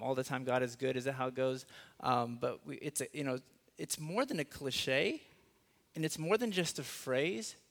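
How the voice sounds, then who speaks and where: Man preaching, hushed on key phrases. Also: mid-range voice. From Los Angeles. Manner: conversational and self-deprecating. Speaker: guest preacher. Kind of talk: sermon.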